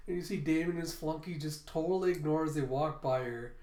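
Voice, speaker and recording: A man casually recapping a comic chapter in an animated, laughing way. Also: a little high, a little fast. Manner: animated retelling, laughing often. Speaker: manga reviewer. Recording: roomy echo.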